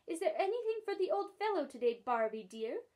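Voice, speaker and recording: A woman's voice: high-pitched, animated, moderate pace, warm tone. A woman voicing a cheeky, chatty old male starling with a perky, wheedling manner in a storybook reading.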